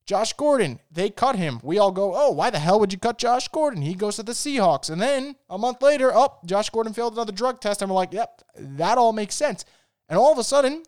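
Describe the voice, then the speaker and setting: A man's voice: high-pitched, clear, resonant tone. A man hosting a sports talk show, giving emphatic analysis and asking his listeners rhetorical questions. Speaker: sports podcast host.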